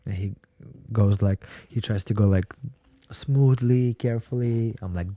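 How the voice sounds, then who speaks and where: A man's voice: on the low side, a little slow, mellow, no room sound. A man from Ukraine, a podcast guest, telling his story in a blunt, casual way and swearing freely. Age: 20s.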